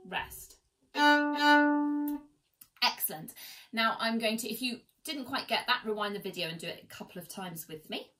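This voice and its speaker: A woman's voice: mid-range voice, expressive, normal speed, pauses often, sharp tone, soft background music, poor audio. A woman teaching an online violin lesson from home, chatty and encouraging as she counts students in. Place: at home, seated. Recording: faint violin in background. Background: violin playing.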